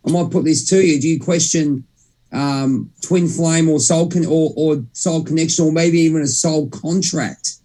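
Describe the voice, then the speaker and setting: A young man with a slightly high, mellow voice speaks at normal speed while co-hosting a casual spiritual podcast chat. He rambles, interrupts himself mid-sentence, and swears mildly.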